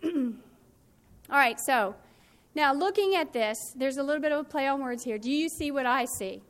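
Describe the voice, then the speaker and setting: A woman teaching a phonics and spelling workshop, explaining in a clear, patient, instructive way. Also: high voice, expressive, moderate pace.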